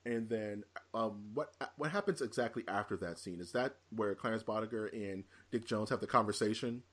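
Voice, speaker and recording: Male podcast host, casual movie chat, animated storyteller who acts out scenes. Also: lowish voice, normal speed.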